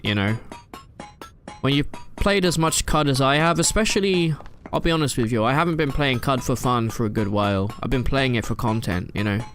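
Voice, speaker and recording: A man's voice: mid-range voice, a bit bright. Guy streaming a game from his room, rambly and chatty with lots of uh and um, medium voice, faint music behind. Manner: rambling, chatty, answering chat with fillers. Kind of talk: live gameplay stream chat.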